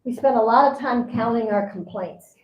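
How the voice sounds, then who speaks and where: A woman's voice: fairly high pitch, normal speed, muffled recording, a little hiss or hum. Roomy-sounding woman giving a seminar talk. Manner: conversational, acts out quoted voices. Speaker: spiritual teacher. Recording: roomy echo.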